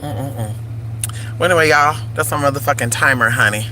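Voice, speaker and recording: A man's voice: mid-range voice, moderate pace, pushed and bright, slight background noise, poor audio. A man vlogging in casual chat, playful and crude, calling his viewers honey and y'all.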